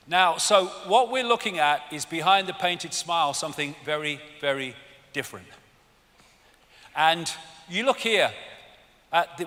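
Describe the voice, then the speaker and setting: A man's voice: a little high, sharp tone. A man giving an arena lecture, ranting and sarcastic, swearing freely. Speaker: public speaker. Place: large indoor arena. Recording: big hall reverb with audience.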